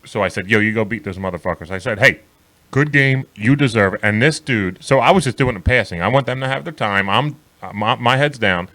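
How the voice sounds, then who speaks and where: A man's voice: on the low side, quick pace, hardly any pauses. Profane rambling man telling sports stories. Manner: rambling, profane, animated storytelling with many restarts. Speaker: co-host. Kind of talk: casual sports talk chat.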